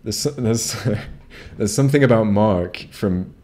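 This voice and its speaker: Man, low mellow voice, casual profane play-by-play commentary, frequent restarts. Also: slow. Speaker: gamer streaming a playthrough. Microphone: home streaming microphone.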